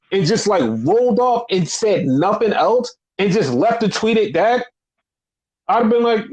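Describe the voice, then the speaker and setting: A man's voice: high voice, sing-song, normal speed, low-quality recording. A man in his thirties hosting a wrestling podcast, ranting in a heated, profane, filler-heavy casual way. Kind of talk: casual rant.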